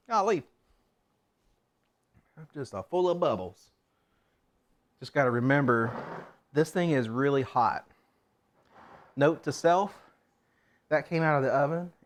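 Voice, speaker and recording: A man streaming himself cooking in a home kitchen, chatting casually and rambling to himself as he works. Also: medium pitch.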